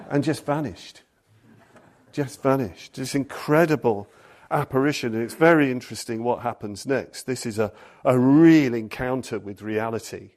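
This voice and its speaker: A man's voice: mid-range voice, moderate pace, a little mellow. A man giving a Buddhist dharma talk, telling stories and reading passages aloud. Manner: storytelling, reads passages aloud. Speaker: Buddhist teacher.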